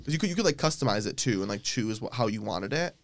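A man's voice: fairly low pitch, animated, quick pace, creaky, no room sound, studio quality. A young man co-hosting a podcast, teasing his friend bluntly in a casual chat. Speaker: podcast co-host.

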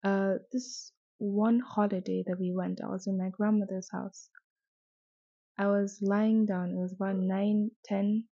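A young woman from Nigeria speaking softly and hesitantly in a personal reflective monologue, recorded at home with the mic sometimes out of reach. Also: medium pitch, level tone, measured pace, no echo. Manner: soft-spoken, hesitant, with restarts. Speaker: podcast host. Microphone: distance varies, mic briefly out of reach. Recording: dull, muffled home recording.

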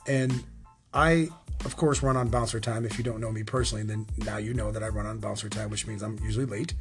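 A man's voice: lowish voice, fairly even intonation, fast, faint music behind. A man hosting a podcast, telling a long wrestling story in a rambling, casual way, acting out the lines of the people in it and swearing freely. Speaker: podcast host.

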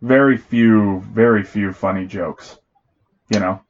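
A man's voice: lowish voice, slow pace. Man, podcast co-host, casual chat, rambling, self-interrupting, slightly muffled recording.

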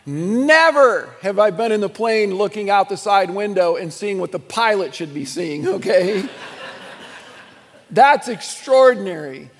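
A middle-aged man preaching a sermon, telling stories in a conversational, animated way with chuckles and restarts. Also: sits high, measured pace, big-room sound. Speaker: pastor.

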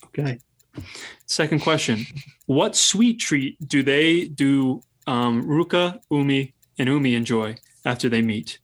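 A man running a casual podcast quiz, reading out multiple-choice questions with pauses and ums. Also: mid-range voice, lively intonation. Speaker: quiz host running the game.

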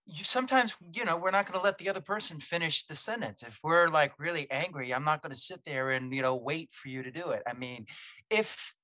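A man hosting a podcast, talking in a relaxed, casual way with lots of fillers. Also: fairly high pitch, a little fast, no room sound. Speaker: podcast host. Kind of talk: casual interview chat.

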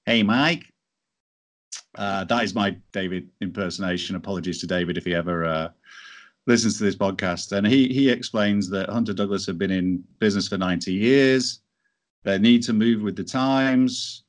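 A man's voice: sits low, moderate pace. A man telling a business story as an interview guest, in a chatty way with many restarts. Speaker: entrepreneur guest.

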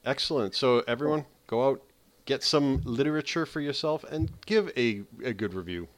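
A male podcast host talks casually, pausing and restarting as he wraps things up. His voice sits in a middle register and the recording is close and dry. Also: medium pitch, no echo. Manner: loose, halting with fillers.

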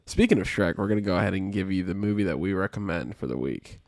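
A man's voice: low-pitched, lively intonation, quick pace, gravelly, no room sound, clean studio sound. A man with a stuffy nose, co-hosting a podcast in laid-back, joking casual chat. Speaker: podcast co-host.

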